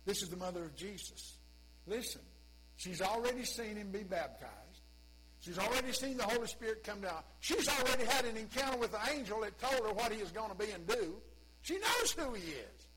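A man's voice: high voice, animated, brisk, fairly bright tone, slightly rough, low-quality recording. A male pastor preaching a sermon in a folksy, conversational way with humorous asides.

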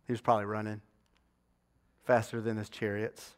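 A man's voice: lowish voice, flat delivery, normal speed. A man preaching a sermon, retelling a scripture story and often turning to the congregation with rhetorical questions.

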